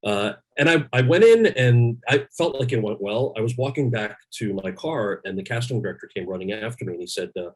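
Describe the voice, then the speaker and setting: Husky-voiced man telling candid stories. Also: mid-range voice, brisk, few pauses, low-quality recording. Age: 40s. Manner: candid, animated anecdotes with many restarts. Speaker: guest actor. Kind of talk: storytelling in a conversation. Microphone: video call.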